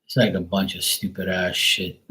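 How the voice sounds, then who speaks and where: A man's voice: deep voice, flat delivery, moderate pace, pushed and bright, rough recording. Blunt, profane man chatting on a stream. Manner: blunt and profane, rambling with many fillers; acts out quoted people in raised voices. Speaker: live stream host. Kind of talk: casual live-stream chat.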